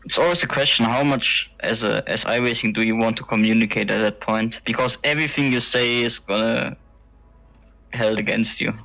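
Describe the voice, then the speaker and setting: A man's voice: medium pitch, fairly even intonation, normal speed, gravelly, sharp tone, low-quality recording. A man chatting casually on a live racing stream, dry and teasing. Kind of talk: casual chat.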